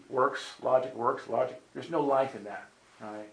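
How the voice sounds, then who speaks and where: Brisk and a little bright, a man's mid-range voice carries a conversational sermon story about his personal testimony, despite poor audio. He acts out the quoted lines with drama and often checks in with "right?".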